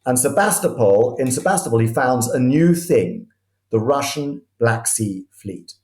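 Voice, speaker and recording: A man's voice: mid-range voice, lively intonation, measured pace, a little mellow, roomy sound. A man speaking as a guest historian, telling history as vivid anecdotes and often restarting his sentences mid-thought. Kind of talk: conversational history storytelling.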